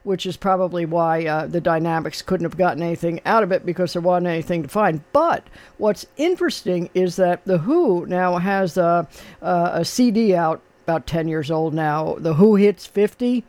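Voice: medium pitch, normal speed, darkish tone, no echo. A radio host chatting casually with a caller about old records, rambling and full of fillers and restarts. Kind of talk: casual call-in talk about oldies and jazz.

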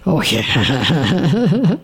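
A man's voice: a little high, very animated, extremely slow, slightly rough. A man hosting a radio call-in show, explaining things in a chatty way with many restarts. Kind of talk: casual call-in chat.

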